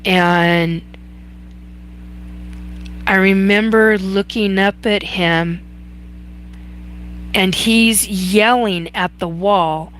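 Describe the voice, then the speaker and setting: Woman, slow halting storytelling, lower pitch, live chat host, faint hum. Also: fairly bright tone. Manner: halting, many fillers and restarts.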